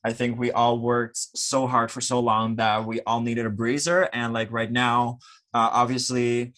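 A man from the Netherlands with a Dutch accent, a guest on a podcast, telling stories in an animated, laughing, self-mocking way. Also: medium pitch, a little slow. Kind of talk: casual chat.

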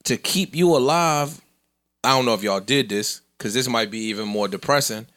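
Bright, blunt-talking male co-host. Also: mid-range voice, normal speed. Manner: blunt, slangy, acts out imagined quotes. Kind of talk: casual chat.

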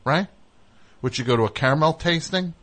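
A man's voice: a little high, fairly quick, a crowd in the background. A man hosting a call-in radio show, teasing and needling the caller. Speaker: host.

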